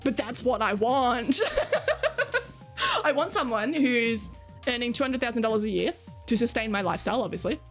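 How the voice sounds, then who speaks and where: Reading her stream chat, an Australian woman chats casually with viewers, laughing often and swearing in passing. Her voice sits fairly high at a normal speed with long pauses, and soft music plays in the background.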